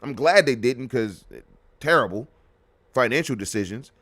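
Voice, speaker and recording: A man hosting a live podcast, delivering a heated, profane, repetitive rant that swings from loud outbursts to low muttering. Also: animated, normal speed, dry recording. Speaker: podcast host.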